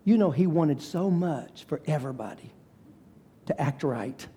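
A male preacher with a high but mellow voice delivers a sermon. He tells the story dramatically. He slows down and drops to near whispers for emphasis. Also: expressive, slightly rough. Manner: dramatic storytelling, varies pace and volume.

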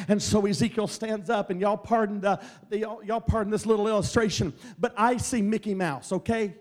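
Middle-aged male evangelist, high voice, storytelling sermon that swells into shouting. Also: moderate pace, hardly any pauses. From Mississippi. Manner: storytelling, building to loud shouted preaching. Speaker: traveling evangelist preacher. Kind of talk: Pentecostal sermon.

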